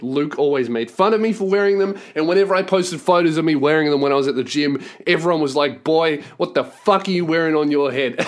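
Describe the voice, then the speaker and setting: High-voiced Australian man ranting. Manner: profane, ranting, exasperated. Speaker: podcast host. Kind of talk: solo podcast rant. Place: small cramped home studio.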